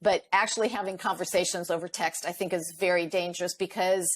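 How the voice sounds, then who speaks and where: A middle-aged woman, a marriage coach, talking in a podcast interview, lively and laughing often as she acts out quoted dialogue. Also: fairly low pitch, fairly quick, slight background noise.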